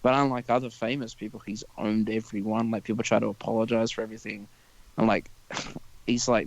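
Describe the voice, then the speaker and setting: A man's voice: lowish voice, little pitch movement, a little fast, creaky. A young man hosting a casual podcast chat, rambling and profane, often stopping and restarting his thoughts. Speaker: podcast host.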